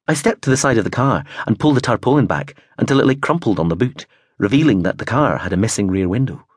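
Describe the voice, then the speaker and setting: A man reads a novel aloud in the first person, his husky voice swinging widely in pitch as he tells the story. The read is close and dry, with no room around it. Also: fast talker, dry recording. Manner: expressive storytelling with voiced character turns. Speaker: audiobook narrator. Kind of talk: first-person audiobook narration.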